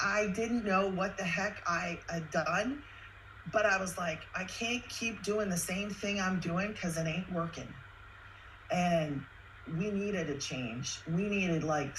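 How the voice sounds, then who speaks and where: A woman's voice: on the low side, a bit bright, a little hiss or hum, rough recording. A woman who is a single mother telling her personal story with earnest emotion, chatty and at times close to tears. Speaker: guest sharing her story.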